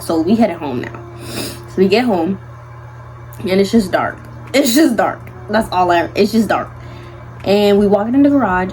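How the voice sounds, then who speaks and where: Animated young woman telling a storytime. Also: lowish voice, poor audio. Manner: animated, slangy storytelling with many fillers. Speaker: vlogger. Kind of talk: storytime vlog.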